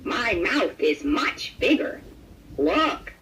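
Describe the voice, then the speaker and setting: A woman voicing a boastful, excitable male frog in a children's storybook. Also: medium pitch, drawn-out words, slight background noise, heavily acted.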